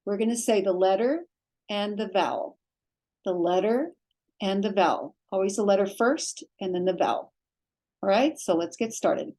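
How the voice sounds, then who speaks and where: A woman's voice: mid-range voice, normal speed, darkish tone. A woman teaching Biblical Hebrew, patiently spelling letters and vowels aloud one sound at a time.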